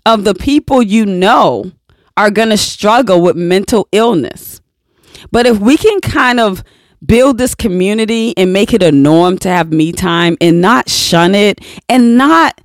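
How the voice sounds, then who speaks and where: An earnest motivational speaker talks slowly and deliberately, hammering home each point by saying it twice. The sound is dry and close, with no room around the voice. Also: mid-range voice, no echo. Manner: earnest and emphatic, repeats key points; mocks quoted excuses with a flat "what?". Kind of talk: motivational talk to camera.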